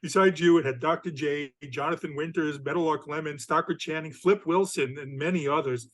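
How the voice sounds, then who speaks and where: A man with a fairly high voice interviews a guest with a fan's enthusiasm. His voice is dry and close, with no room sound around it. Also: fairly even intonation, fairly quick, a bit bright, no room sound. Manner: enthusiastic fan, lists credits eagerly. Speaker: interviewer, co-host. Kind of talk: casual interview.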